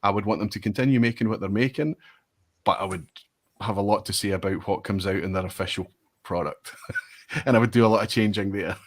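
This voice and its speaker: A man, a whisky reviewer, telling an animated, self-mocking story in casual chat over a video call. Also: on the low side, a little fast. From Scotland.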